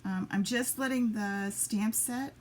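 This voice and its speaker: A woman hosts a relaxed papercraft live stream from her home craft table, chatting with viewers in an easygoing way. She keeps up a running patter of quiet asides to herself as she works, in a mid-range voice. A faint hiss sits behind her. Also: mid-range voice, unhurried. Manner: chatty, mutters asides to herself while working. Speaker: papercraft demonstrator.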